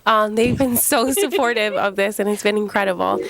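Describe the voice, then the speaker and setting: A woman hosting a casual livestream chat, effusive and quick with shout-outs and plugs. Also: mid-range voice, gravelly, no echo. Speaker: host.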